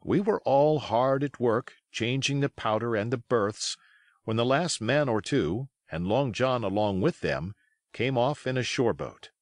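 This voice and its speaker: A man's voice: mid-range voice, expressive, measured pace, no echo. A man reading a novel aloud as an audiobook, telling it expressively and giving each character a voice. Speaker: audiobook reader. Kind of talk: scripted narration.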